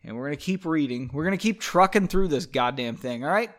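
Man, podcast host, sarcastic reader, lively swooping pitch, slightly high voice. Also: brisk. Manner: sarcastic, swears, breaks off with jokes. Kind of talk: comedic reading of fan fiction.

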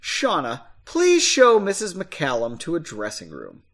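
A stiff, scornful royal court attendant, all formal condescension, delivered in a bright voice that climbs and dips, as a man reading his story puts him on. It sounds like a storybook read aloud. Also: fairly high pitch, huge pitch swings, a little slow, exaggerated voice. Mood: haughty.

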